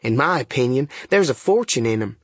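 A man voicing a sly male swindler called the duke, speaking in a slow, wry drawl in an audiobook reading. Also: mid-range voice, lively intonation, husky, no echo, clean studio sound. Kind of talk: audiobook character voice.

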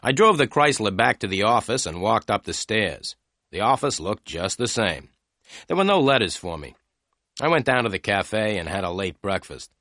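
A man narrating a detective story in clear, slow storytelling. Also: fairly low pitch, sing-song, sharp tone, dry recording, clean studio sound. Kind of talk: scripted narration of a graded reader.

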